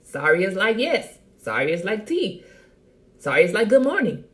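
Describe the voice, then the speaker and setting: Animated middle-aged woman, lively teasing talk. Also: medium pitch, moderate pace. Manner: animated, teasing, talks to viewers by name. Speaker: host. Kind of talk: casual livestream chat.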